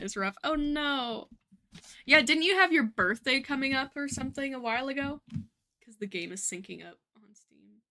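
A woman's voice: medium pitch, sharp tone. A woman in her late twenties chatting casually on a gaming livestream, laughing often and swearing freely. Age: late 20s. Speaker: streamer. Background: light background music.

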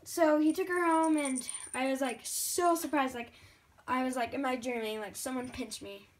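A young woman vlogging casually at home in a chatty, excitable way, often quoting what others said. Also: high voice, normal speed. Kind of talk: casual vlog chat to camera.

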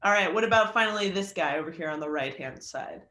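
A man's voice: high-pitched, animated, fast talker, sharp tone, reverberant, slight background noise. A man teaching an online creative writing class, chatty and joking, with lots of fillers. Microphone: video call.

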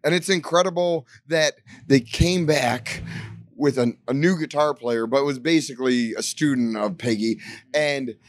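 A man from Detroit talks loosely and animatedly in an interview, piling up fillers as he tells his stories. His voice sits at an ordinary middle pitch. The recording is dry and close. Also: unhurried, dry recording. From Detroit, USA. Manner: rambling, animated storytelling with many fillers. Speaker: band frontman interviewed. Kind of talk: casual interview chat. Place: bar venue backstage.

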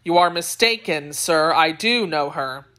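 A woman's voice: sits low, lively intonation, a little slow, pushed and bright, heavily acted. A woman voicing a hot-headed, jealous young male swordsman who speaks in an earnest, impassioned way in an audiobook reading.

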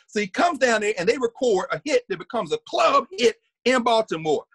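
A husky-voiced man lectures in an animated, conversational way, his pitch swinging widely as he goes. He restarts sentences often and breaks into hummed or sung snippets. The sound is dry and close. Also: fairly quick, few pauses, dry recording. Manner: lively, restarts often, hums and sings snippets. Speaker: guest lecturer.

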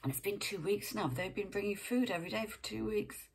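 A woman's voice: medium pitch, brisk, gravelly, breathy edge. A woman reading a book aloud page by page, breaking off for chatty asides and sometimes dropping to a whisper. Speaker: reader.

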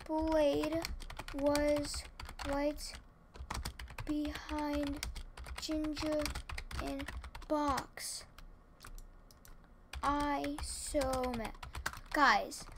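A tired woman giving casual gameplay commentary at home, excitable and rambling, repeating her exclamations. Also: high-pitched, slow, long pauses, slight background noise. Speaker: gaming channel host. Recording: keyboard clicks and typing behind.

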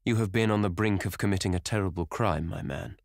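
A man voicing a frantic young gentleman who gasps and stammers in terror, then turns cold and superior, in a storybook reading. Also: low voice, brisk, vocal fry, dry recording, clean studio sound. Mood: stern. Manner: gasping, stammering, rising to triumphant and stern.

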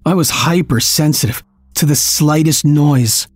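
A man narrating a first-person story in a steady, tense storytelling manner. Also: on the high side, a little slow, husky, no echo, faint music behind. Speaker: audiobook narrator.

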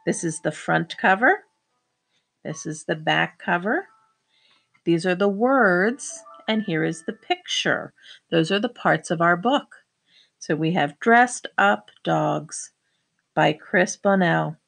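Slow gravelly teacher lady reading a kids book, cheering them on. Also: lowish voice, animated, a bit bright. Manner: slow, encouraging, sounds out words. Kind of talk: read-aloud lesson for young children.

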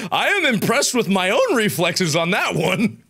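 A man streaming a multiplayer game with friends, loud and teasing, laughing and yelling often. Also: high voice, vocal fry, husky. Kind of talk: excited multiplayer gaming chatter.

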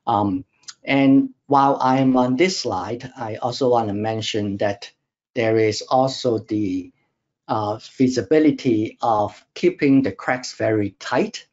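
A man delivering a technical lecture over slides, at an ordinary middle pitch. He explains in a measured, step-by-step way, pausing on fillers and restarting phrases, and the audio is slightly dull and lo-fi. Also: darkish tone. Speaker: webinar presenter.

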